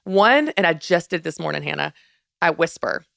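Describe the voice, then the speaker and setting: A woman hosting a faith-based parenting podcast, chatting in an upbeat, lively way and laughing often. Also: deep voice, normal speed, vocal fry, dry recording, studio quality. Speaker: podcast host.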